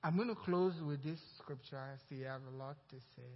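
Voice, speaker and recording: A man preaching a sermon as pastor, acting out the voices in his story with animated emphasis. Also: mid-range voice, a little fast. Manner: animated preaching, acts out quoted dialogue. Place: church sanctuary. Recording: dull echoey church hall recording.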